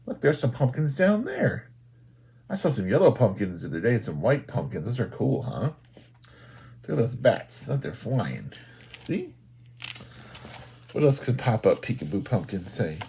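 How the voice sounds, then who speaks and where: A man, a children's librarian, doing an animated storytime read-aloud and talking to young children. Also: mid-range voice, moderate pace, vocal fry, pauses often, slightly rough. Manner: animated, sing-song, talks to young children.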